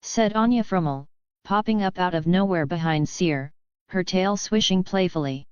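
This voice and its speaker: A woman reading a web novel aloud as an audiobook narrator, in a steady, even voice with little acting between the figures. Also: lowish voice, normal speed, clean tone, no room sound, muffled recording.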